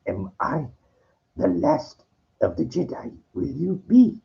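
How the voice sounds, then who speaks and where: A man putting on a tiny, ancient male alien sage with a high, strained croak, on a dull lo-fi recording. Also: huge pitch swings, slow, full character voice. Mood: solemn.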